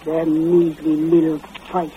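A woman's voice: low-pitched, completely flat delivery, a little slow, slight background noise. An actress playing a spiteful, resentful rural woman who speaks in a drawling dialect, in 1940s radio style. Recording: tinny old radio broadcast.

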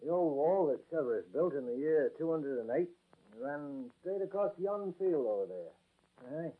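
An actor doing a Yorkshire accent as a gruff, friendly army corporal in a 1940s radio drama, folksy and ominous. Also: male voice, fairly high pitch, expressive, moderate pace. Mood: reminiscing. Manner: folksy, ominous storytelling with "aye" and "lad". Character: gruff, friendly Yorkshire lance corporal, older drill master. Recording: tinny old radio broadcast recording.

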